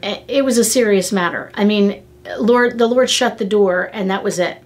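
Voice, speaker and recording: A woman's voice: mid-range voice, moderate pace. A middle-aged woman hosting a devotional podcast, teaching in an earnest, conversational way and telling stories with emotional emphasis.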